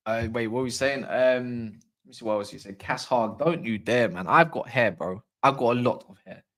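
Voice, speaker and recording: A man's voice: medium pitch, normal speed. A man hosting a casual football livestream, ranting with strong opinions and slangy asides while answering chat comments. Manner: opinionated, animated, slangy football-fan rant. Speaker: fan channel livestream host.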